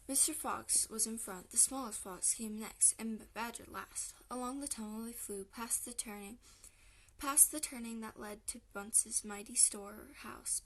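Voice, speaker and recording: A woman narrating a children's storybook in a lively, expressive reading. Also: fairly high pitch. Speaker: audiobook reader.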